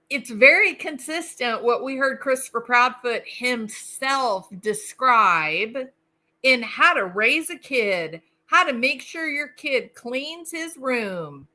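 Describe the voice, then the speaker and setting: Slow-talking indignant woman host. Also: high-pitched, lively intonation, bright, forceful tone. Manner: indignant, emphatic, repeats words for stress. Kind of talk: casual commentary.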